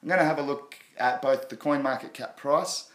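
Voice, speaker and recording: A man's voice: medium pitch, moderate pace, fairly bright tone. Australian male streamer, casual and rambling, answers chat questions; recorded in an echoey room. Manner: rambling, chatty, answers viewer questions, laughs often. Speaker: live stream host.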